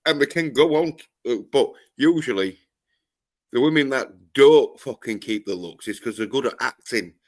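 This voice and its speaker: A man co-hosting a casual podcast, talking haltingly and swearing constantly. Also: mid-range voice. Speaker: podcast co-host. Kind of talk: casual crude banter.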